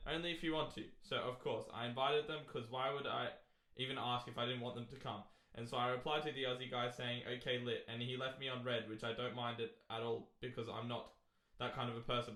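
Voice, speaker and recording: A man's voice: mid-range voice, bright, forceful tone, reverberant. A man co-hosting a casual chat podcast, joking with his co-host and reading out a long listener letter with frequent laughs. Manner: laughs often, reads aloud at length.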